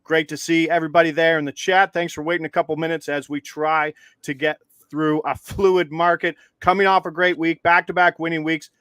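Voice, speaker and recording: Guy cohosting a betting show, smooth and a bit high, dry mic, upbeat and instructive. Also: fairly quick, few pauses, no echo. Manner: upbeat, steady and instructive, walks viewers through steps. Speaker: co-host. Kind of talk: betting show live stream hosting.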